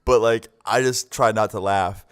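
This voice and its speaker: His voice is lowish, clear and resonant, with fairly even intonation and a normal pace. A young vlogger relaxing into a story time, he rambles with lots of "like" fillers and voices the characters in his tale.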